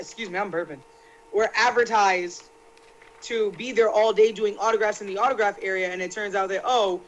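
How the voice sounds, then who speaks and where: Woman, panel guest, talkative and animated, slangy complaints. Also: mid-range voice, dull audio. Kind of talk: casual chat.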